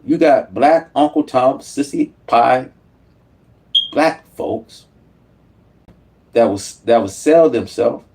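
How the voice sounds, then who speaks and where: A man's voice: medium pitch, lively intonation, takes it slowly, vocal fry, pauses often, dark tone. Man in a profane, heated rant. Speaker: YouTube commentator. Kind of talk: angry political rant.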